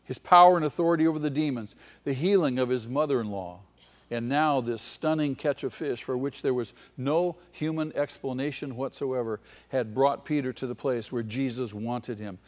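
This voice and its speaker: A man preaching a sermon with passion, his voice swelling to near-shouts at its peaks. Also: medium pitch, moderate pace. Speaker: pastor. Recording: long hall reverb.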